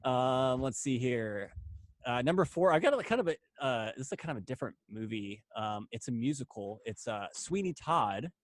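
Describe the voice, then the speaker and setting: A man with an ordinary mid-range voice chats casually as a podcast co-host. He is easygoing, laughs between remarks and fills pauses with "uh." The room sounds dry, with no echo. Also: medium pitch, animated. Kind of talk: casual chat.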